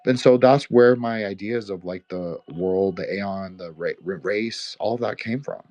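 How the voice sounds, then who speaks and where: A man's voice: lowish voice, unhurried, a little mellow. A man with a slight Quebecois accent hosting a live audio chat, rambling and profane, with frequent fillers. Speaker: host. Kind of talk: casual closing remarks on a live audio chat.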